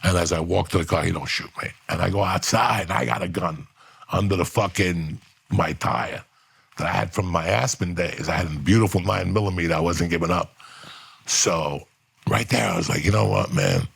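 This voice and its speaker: A middle-aged man telling a long story on a podcast, profane and animated, acting out the voices of people in it. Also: low voice, normal speed. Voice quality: gravelly, husky.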